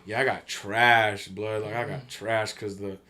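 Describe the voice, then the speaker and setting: Low-ish and unhurried, this man's voice carries travel anecdotes as a podcast guest. The chat is loose and slangy, he curses without holding back, and he acts out quotes in animated voices as he tells each story.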